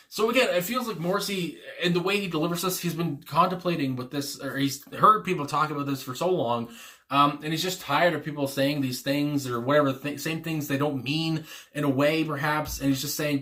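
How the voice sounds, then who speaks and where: A man talks through his reaction to a song in a loose, rambling way, full of fillers and restarts, chuckling as he goes. His voice is bright and forward, sitting at an ordinary middle pitch for a man. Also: fairly quick. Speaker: music reaction channel host. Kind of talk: casual spoken reaction commentary.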